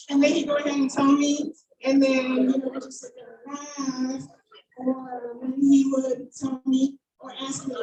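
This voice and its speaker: A young woman giving a nervous, heartfelt vote of thanks at her father's memorial, speaking in a halting way. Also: high-pitched, fairly even intonation, darkish tone. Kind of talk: emotional memorial speech. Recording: roomy sound from a distant mic.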